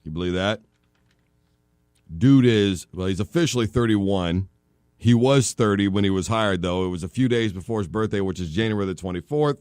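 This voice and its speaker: A man's voice: lowish voice, normal speed, smooth, no room sound. A man hosting a sports talk show in a studio, joking and spinning long comic comparisons. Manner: animated, jokey, tells long comic analogies. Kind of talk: casual sports radio talk. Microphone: studio microphone.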